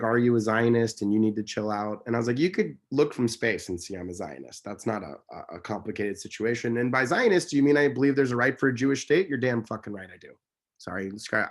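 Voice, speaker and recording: Passionate guy on an interview, talks with heat, voice jumps up when he gets worked up. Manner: intense, emphatic, pitch jumps high when worked up. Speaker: interview guest. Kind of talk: impassioned conversational interview.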